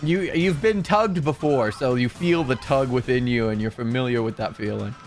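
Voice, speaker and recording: A man narrating as game master for a tabletop game, describing the scene in a halting way with many fillers. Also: mid-range voice, soft background music.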